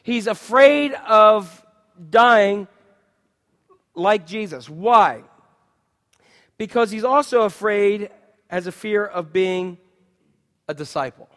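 A man with a high-pitched voice preaches a sermon in an animated way, throwing questions at the congregation and acting out what people say. His voice rings with the long reverb of a big hall. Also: slow, pauses often. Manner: animated, acts out quotes and asks the congregation questions. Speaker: pastor.

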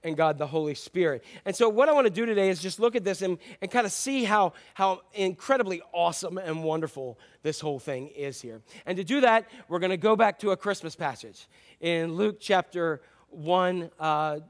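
A man's voice: high-pitched, moderate pace. A male pastor giving a sermon in an informal, chatty way, full of fillers and joking asides.

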